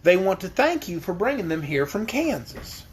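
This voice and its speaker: A man's voice: sits high, very animated, moderate pace, a little hiss or hum. Man voicing an eager young girl princess. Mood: reassuring. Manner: earnest, reassuring.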